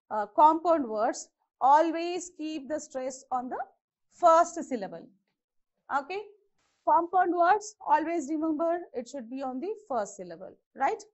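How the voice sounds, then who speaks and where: Indian English woman teacher, high and unhurried, patient drilling of words, dull lo-fi sound. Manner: slow, repeats each word to model its pronunciation. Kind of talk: exam-prep grammar lesson.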